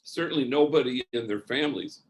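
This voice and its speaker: A man of middle pitch tells a personal story in a hearing, taking his time. He speaks as a priest would, easy and anecdotal. He often pauses and restarts mid-sentence. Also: creaky. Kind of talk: spoken testimony, storytelling.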